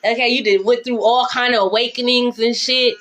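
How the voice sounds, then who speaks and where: Brash, profane high-voiced woman tarot reader. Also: steady tone, fairly quick, a bit bright. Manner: brash, profane, sings along and shifts pitch playfully. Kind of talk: casual tarot reading monologue.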